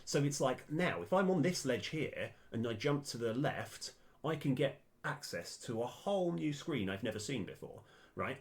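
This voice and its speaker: A man live-streaming a game, thinking aloud with lots of fillers and sudden bursts of excitement. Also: mid-range voice, moderate pace, hardly any pauses, a little hiss or hum. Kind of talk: live-stream commentary while playing and mapping a game.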